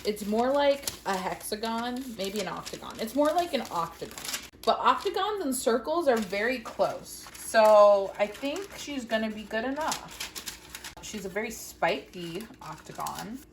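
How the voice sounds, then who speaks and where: Woman, casual baking vlog, giggly, punny, animated voice, phone recording in a noisy kitchen. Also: fairly high pitch, measured pace. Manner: giggly, self-mocking, chatty, makes puns. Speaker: baking vlogger. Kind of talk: casual chat while baking. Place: home kitchen.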